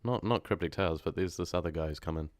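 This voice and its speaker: A young man with a New Zealand accent talks to his live chat in a very deep, low voice. He is casual, slangy and quick to laugh. The sound is close and dry, with keyboard clicks behind. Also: no echo. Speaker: horror story narrator live-streaming.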